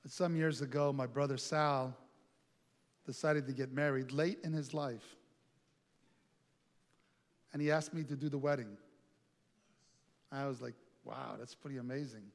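A middle-aged male pastor telling a lively personal story in a sermon, acting out the other voices in it. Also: mid-range voice, measured pace, creaky, long pauses. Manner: animated storytelling with quoted voices. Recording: long reverb, faint music.

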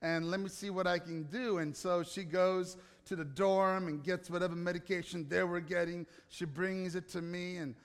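A man preaching to an audience, telling a self-mocking personal story in an animated way with asides to the crowd. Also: sits high, moderate pace, few pauses. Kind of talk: storytelling sermon. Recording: hall reverb.

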